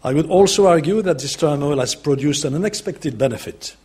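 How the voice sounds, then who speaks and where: An older man from France with a French accent, giving a formal political speech in a measured, deliberate way with occasional hesitant fillers. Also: fairly high pitch, darkish tone, husky.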